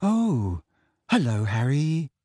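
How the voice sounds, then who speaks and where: A man's voice: a little high, very animated, a little mellow, slightly rough, no room sound, studio quality, full character voice. A man doing a shy, hesitant teenage girl. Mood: awkward. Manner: hesitant, halting. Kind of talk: audiobook character voice.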